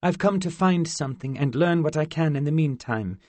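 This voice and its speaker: High prim british fairy girl, a guy doing her, formal old-timey talk, dry sound. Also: lively intonation, normal speed, darkish tone, dry recording, close to an everyday voice. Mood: wondering. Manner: formal, old-fashioned phrasing. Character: haughty fairy girl, curious and blunt.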